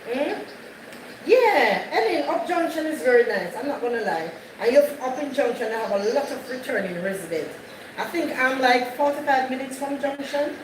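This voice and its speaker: A woman hosting a live stream, chatting with her viewers and circling back over her points. Her voice sits a bit high. It carries echo and steady background noise. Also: moderate pace, recorded from a distance. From Jamaica. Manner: chatty, repeats herself, greets viewers by name. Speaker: livestream host. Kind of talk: casual live chat with viewers. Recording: echoey, off-mic, noisy background.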